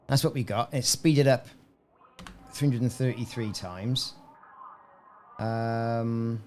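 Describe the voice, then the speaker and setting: A man's voice: medium pitch, slow pace, a little mellow, a little hiss or hum. A man casually chatting on a game live stream, rambling and answering viewers by name. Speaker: gaming streamer.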